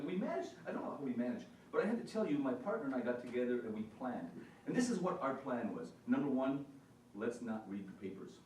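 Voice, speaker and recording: A man's voice: medium pitch, darkish tone, a little hiss or hum. A man giving an earnest, storytelling speech as a small business consultant at a forum. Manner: storytelling, earnest, repeats himself for emphasis. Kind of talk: motivational speech to an audience. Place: meeting hall. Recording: echoey hall, mic far off, faint ambience.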